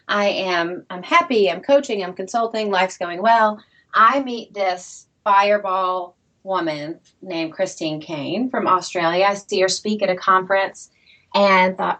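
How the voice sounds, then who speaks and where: A middle-aged woman, an interview guest and author, telling her story in a lively, self-deprecating way and laughing often. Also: mid-range voice.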